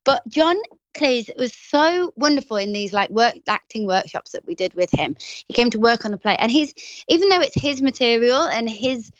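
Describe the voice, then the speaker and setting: Chatty Grimsby woman, bright and quick. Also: fairly high pitch, animated, dry recording, muffled recording. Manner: chatty, quick, laughs often, slips into quoted voices. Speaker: actress, interview guest. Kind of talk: casual interview chat.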